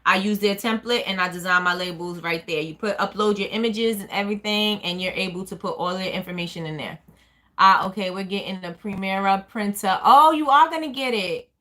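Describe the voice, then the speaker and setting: A woman from New Jersey with a New Jersey accent, chatting casually and quickly, rambling with lots of ums while she answers viewers' questions. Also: medium pitch, pushed and bright. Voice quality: fast-talking, rambling with many ums. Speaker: small business owner hosting a live chat.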